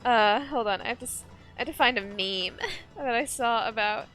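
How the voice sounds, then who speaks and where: Young female streamer, high-pitched and bright, chatty and ranty. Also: normal speed, soft background music. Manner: rambling, ranting, reads chat aloud. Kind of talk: casual live-stream chat while gaming.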